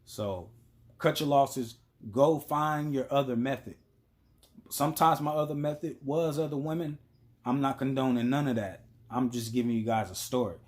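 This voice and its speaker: A man's voice: medium pitch, moderate pace, darkish tone. A man telling a story in a casual, blunt and profane monologue as a vlogger.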